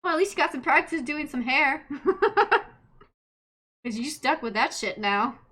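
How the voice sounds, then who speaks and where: A woman in her late twenties, a streamer telling stories in casual chat, animated, laughing often and swearing freely. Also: high voice, a little slow. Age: late 20s.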